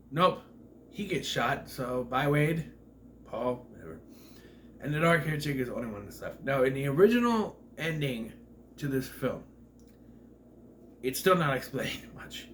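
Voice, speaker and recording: A man rambling through a casual spoiler review of a horror movie, forgetting character names and clearing his throat. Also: mid-range voice, lively intonation, normal speed, fairly bright tone, a little hiss or hum.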